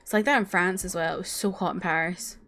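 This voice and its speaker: A woman's voice: lowish voice, steady tone, quick pace, gravelly, crowd noise. Bubbly young woman streaming, casual chat, lots of likes, desk mic. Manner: bubbly, chatty, with likes and laughs.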